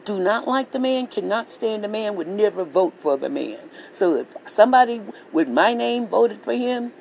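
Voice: medium pitch, lively intonation, normal speed, gravelly, a little mellow, a little hiss or hum, low-quality recording. A vlogger delivering a heated political rant monologue, swearing freely and repeating phrases for emphasis. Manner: profane, repetitive, heated ranting.

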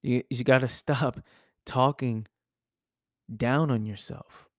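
A man's voice: medium pitch, steady tone, takes it slowly, dry recording, studio quality. A man hosting a podcast and delivering an intense, preachy motivational monologue full of rhetorical questions. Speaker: podcast host.

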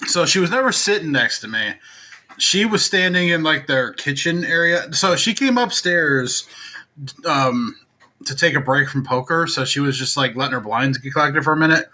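A man's voice: on the high side, lively intonation, moderate pace, sharp tone. A man co-hosting a podcast, telling a long, rambling story in casual chat with many filler words. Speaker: podcast co-host.

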